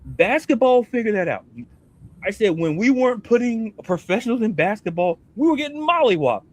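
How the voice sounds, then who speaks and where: A man co-hosting a sports podcast, ranting in a casual, animated way and firing off rhetorical questions. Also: sits high, a little fast. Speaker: podcast co-host.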